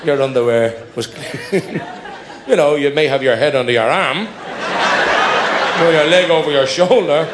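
A middle-aged Irish man telling a long joke on stage, laughing as he goes, in an animated storytelling manner. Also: fairly high pitch, measured pace, long pauses, crowd noise, background noise. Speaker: comedian. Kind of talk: storytelling stand-up.

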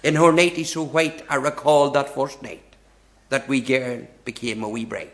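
A man's voice: medium pitch, steady tone, moderate pace, a bit bright. A man reciting a comic poem in a lilting storytelling way, chuckling through the lines. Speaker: performer reciting comic verse.

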